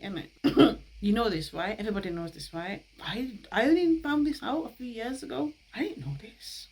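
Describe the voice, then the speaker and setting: A woman's voice: mid-range voice, lively intonation, fairly quick, darkish tone, slightly rough, low-quality recording. A young woman, hosting a casual talk. She is chatty, laughs often and uses slang. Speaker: host.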